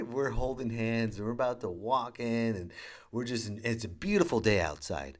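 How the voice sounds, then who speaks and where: A man's voice: on the low side, lively intonation, moderate pace. Sarcastic man telling a story. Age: young adult to middle-aged, a father. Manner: rambling, sarcastic, acts out quotes. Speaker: podcast host. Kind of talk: comedic storytelling.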